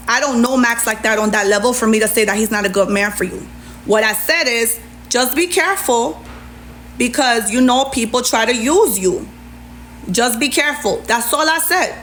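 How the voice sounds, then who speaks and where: A woman's voice: on the high side, fairly bright tone, a little hiss or hum. A middle-aged woman ranting sarcastically on a live stream, reading messages aloud and answering them with indignation. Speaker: livestreamer. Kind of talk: heated TikTok live rant.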